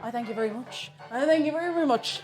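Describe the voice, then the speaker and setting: Young Irish woman, a bright-pitched and chatty live-stream host, with faint music behind her. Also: fast talker. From Ireland. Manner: chatty, reads out chat messages. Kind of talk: casual live-stream chat while cooking.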